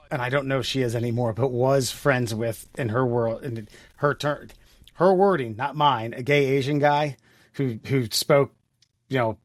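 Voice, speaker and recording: A man's voice: mid-range voice, no echo, studio quality. A man co-hosting a casual podcast, reading out listener comments with frequent laughs, filler words and swearing. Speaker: podcast co-host.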